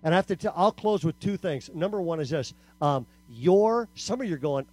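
A man preaching an animated youth camp sermon to teenagers, telling stories and acting out quotes in a punchy way. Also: a little high, brisk, hardly any pauses. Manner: storytelling, punchy, acts out quotes.

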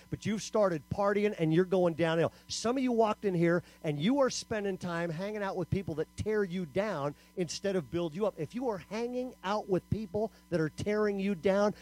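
A man preaching an animated youth camp sermon to teenagers, telling stories and acting out quotes in a punchy way. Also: high voice. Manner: storytelling, punchy, acts out quotes.

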